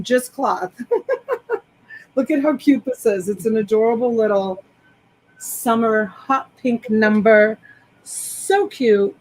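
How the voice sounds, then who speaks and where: A woman's voice: fairly high pitch, slow, pauses often, darkish tone, rough recording. A woman hosting a live selling stream, chatting enthusiastically as she describes each clothing item. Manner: enthusiastic, rambling product descriptions. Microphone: desktop USB microphone.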